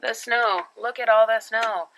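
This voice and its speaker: A woman's voice: on the high side, fairly even intonation, unhurried, background noise. A young woman vlogging casually from home and then from a car, rambling and laughing at herself. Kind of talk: casual travel vlog.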